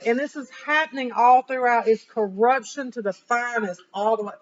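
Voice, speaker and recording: A woman history teacher lectures her class with animation, peppering the students with rhetorical questions. She speaks at a fairly high pitch and moderate pace, captured in a dull, lo-fi classroom recording.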